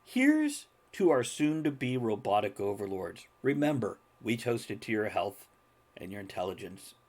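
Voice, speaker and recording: A man hosting a casual podcast chat, talking in an animated way, laughing often and swearing freely. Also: on the low side, a little slow. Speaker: podcast host.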